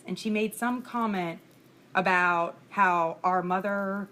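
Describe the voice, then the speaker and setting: A woman's voice: mid-range voice, slow pace, bright, forceful tone, a little hiss or hum. A woman in her thirties giving a casual lecture, candid and chatty, laughing through personal stories. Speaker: instructor. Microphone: screencast recording mic.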